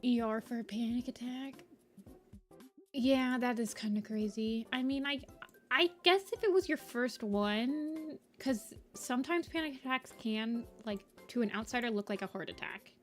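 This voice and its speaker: A woman's voice: fairly high pitch, normal speed. A young adult woman chatting casually with viewers while she draws, rambling with many fillers. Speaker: art streamer. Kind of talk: casual chat while drawing. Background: soft background music.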